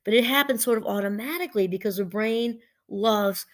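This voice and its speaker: A woman professor who also hosts a podcast gives a casual, chatty teaching monologue in a brisk, slightly high voice. She wanders off topic, often restarts her sentences, and laughs easily.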